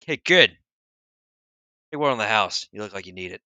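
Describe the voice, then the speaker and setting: A man's voice: on the low side, animated, normal speed, sharp tone, no echo, pitched below the performer's own voice. A man voicing a friendly male bartender who speaks in an offhand, casual way.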